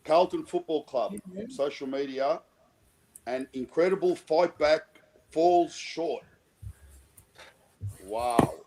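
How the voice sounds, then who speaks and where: Slow-talking man on a call. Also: a little high, a little mellow, poor audio. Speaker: caller. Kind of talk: casual chat on a call. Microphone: online call.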